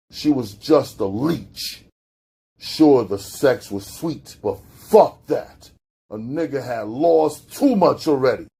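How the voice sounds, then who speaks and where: Slow husky male audiobook narrator. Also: warm tone. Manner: slow, low-key storytelling with gritty street slang.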